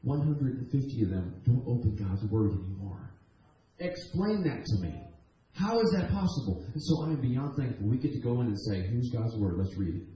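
In a church sanctuary, a guest preacher delivers a testimony sermon, telling stories earnestly and animatedly and often restarting his sentences. His medium-pitched voice is expressive and dark, at normal speed, and the hall is echoey.

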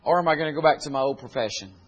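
Guy preaching, voice sits up high, folksy storytelling that climbs into loud exhortation. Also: very fast, husky. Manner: retells scripture in plain folksy speech. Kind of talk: sermon.

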